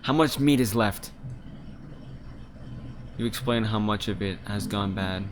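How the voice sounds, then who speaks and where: Lower-voiced guy narrating a story game, casual, swears a lot. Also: a little slow, very noisy. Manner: casual, swears, stammering restarts. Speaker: gamer playing a story game. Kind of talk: reading game text aloud with casual commentary.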